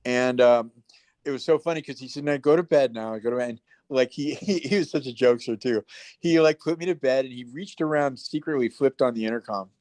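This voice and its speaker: A man's voice: mid-range voice, a little fast, no echo. A man telling stories in a casual interview, acting out the voices of people he quotes. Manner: animated storyteller, acts out quoted voices. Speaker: guest, actor.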